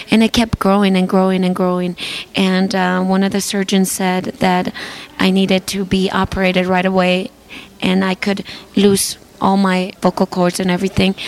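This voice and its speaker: A woman's voice: medium pitch, gravelly. A woman guest singer telling an earnest personal faith testimony, repeating phrases for emphasis.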